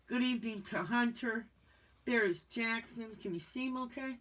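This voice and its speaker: A woman hosting a laid-back livestream reads viewer comments aloud and chats in a folksy style. Her voice is on the high side and a bit bright, moving at a moderate pace.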